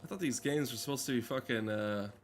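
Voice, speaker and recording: A man's voice: medium pitch, fairly quick, a little hiss or hum. A man giving casual game commentary, rambling and self-mocking, swearing often and stumbling over fillers. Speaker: let's play gamer.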